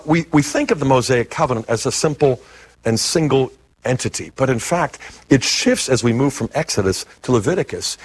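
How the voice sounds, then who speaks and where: A man with a husky, slightly breathy voice explains scripture with lively swings in pitch. He teaches emphatically, building and stressing his points as a guest on a talk program. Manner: animated, emphatic teaching delivery. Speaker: biblical scholar guest.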